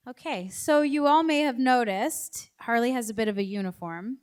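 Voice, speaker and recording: A woman interviewing onstage, asking measured, friendly questions with an occasional filler. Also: a little high, clean tone. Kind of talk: live onstage conversation.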